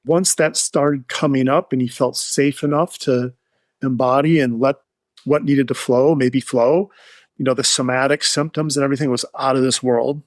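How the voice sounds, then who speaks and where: A man's voice: mid-range voice, fairly even intonation, normal speed, no room sound. A man being interviewed, telling a client's recovery story in an earnest, heartfelt, rambling way. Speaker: addiction therapist, guest.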